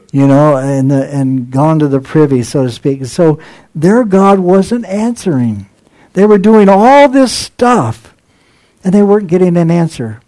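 A man with a notably high-pitched voice delivers an expository sermon. His tone is dark and mellow rather than bright. He reads scripture aloud, comments on each verse, and now and then chuckles at the text. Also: low-quality recording. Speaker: preacher.

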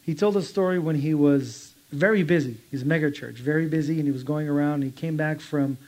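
A man's voice: on the high side, brisk, a little mellow. A man preaching an informal sermon, telling stories in a conversational way and acting out the people in them. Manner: conversational storytelling with quoted voices; laughs while telling stories. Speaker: pastor.

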